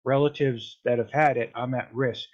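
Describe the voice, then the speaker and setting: A male radio host talks through a casual chat at a middle pitch. He sounds easygoing and chuckles between points. The recording of his voice sounds slightly muffled and dull. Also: fairly even intonation, moderate pace, a little mellow.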